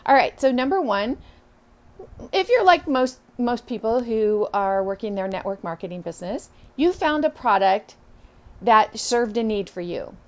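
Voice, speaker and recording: Woman, middle-aged, business coach, motivational talk, encouraging, animated, higher pitch. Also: normal speed. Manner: encouraging, animated, acts out inner voices.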